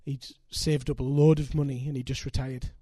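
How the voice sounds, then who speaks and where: An older man, preaching a sermon and telling stories with animated, emphatic delivery. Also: mid-range voice, a little fast, slightly rough, no echo. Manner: animated, building to loud emphatic peaks. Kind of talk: sermon with storytelling.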